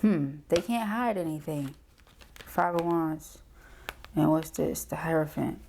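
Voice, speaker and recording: A woman's voice: sits low, measured pace, gravelly, a little mellow, a little hiss or hum. Slangy, chatty woman reading tarot cards. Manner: chatty, slangy, asks "okay?" often. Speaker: tarot reader.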